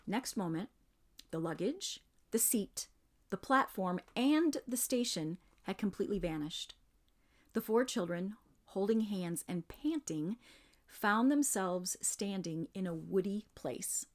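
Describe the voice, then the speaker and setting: Female reader, mid pitch, measured storybook read-aloud. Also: lively intonation.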